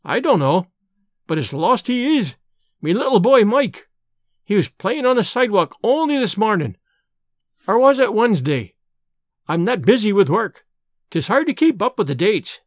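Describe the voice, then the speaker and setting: A man voicing a hysterical, stout landlady, wailing loudly in a high brogue. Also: sing-song, normal speed, long pauses, dry recording, clean studio sound. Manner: shrill wailing, loud.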